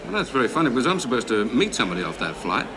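An actor playing an impatient businessman in a sitcom, talking in a brisk, businesslike way. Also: mid-range voice, big pitch swings, background noise, close to an everyday voice. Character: impatient businessman waiting at an airport. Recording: 1970s TV sitcom with audience laughter.

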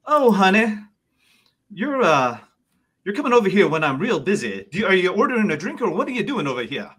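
A man's voice: sits high, very animated, a little fast, fairly bright tone, breathy edge, pitched above the performer's own voice, exaggerated voice. A man voicing a flamboyant, flirtatious male Genasi bartender who calls customers honey and sugar. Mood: flirty.

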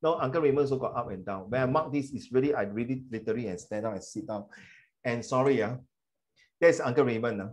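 Talking fast in a mid-range voice, a middle-aged man teaching a class offers emphatic, animated feedback and drops in bits of Mandarin.

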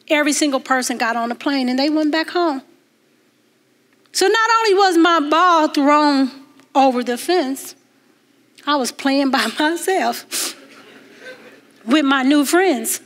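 A woman minister preaching a sermon in a church, telling a story with emphatic rises and hushed passages. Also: high-pitched. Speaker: guest minister. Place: church sanctuary.

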